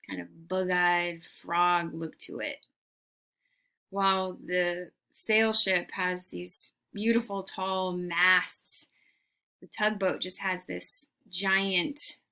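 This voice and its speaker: Bright, unhurried woman art teacher. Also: fairly low pitch, creaky. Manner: enthusiastic, rhetorical questions to the class. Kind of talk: recorded classroom lecture.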